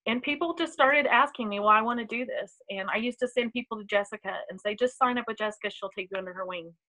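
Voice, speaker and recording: A woman telling her personal story in a heartfelt, halting way, with many pauses and ums, on a live video. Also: fairly high pitch, bright, forceful tone, poor audio. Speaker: team member sharing a testimonial. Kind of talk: emotional personal testimony.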